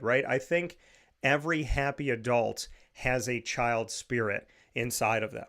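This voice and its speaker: A man with a medium-pitched, fairly bright voice runs his own radio and podcast show from a studio. It's energetic show talk, full of enthusiastic sponsor plugs and quickly listed items.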